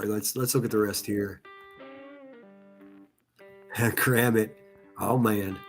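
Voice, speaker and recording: A man's voice: fairly low pitch, steady tone, slow, long pauses, husky, faint music behind. A man doing casual reaction commentary, reading comments aloud in a sarcastic, mocking and profane way. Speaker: online commentary streamer.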